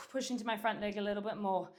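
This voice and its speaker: This woman's medium-pitched voice is fairly even in intonation and a touch fast as she leads a home Pilates and dumbbell routine. She's out of breath from working out alongside, cueing and counting reps, recorded from a distance by camera.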